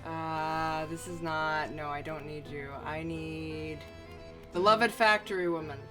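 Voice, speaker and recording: A woman streamer talks casually through her game, joking, cursing and muttering to herself. Her voice sits on the low side. Quiet background music plays beneath her chatter. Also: fairly even intonation, slow pace. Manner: chatty, joking, swearing freely, talking to herself. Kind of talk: casual gameplay commentary.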